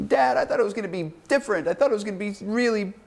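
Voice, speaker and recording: A man voicing a whiny, gushing teenage girl in a high, squealing, breathless voice. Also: expressive, very fast, creaky. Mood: whiny upset.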